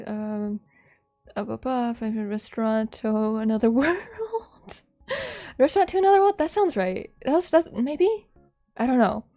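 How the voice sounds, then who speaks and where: In a medium-pitched voice with a darkish tone, a young adult woman chats casually on her VTuber live stream. Her talk rambles, is packed with "like" fillers, and keeps breaking into giggles.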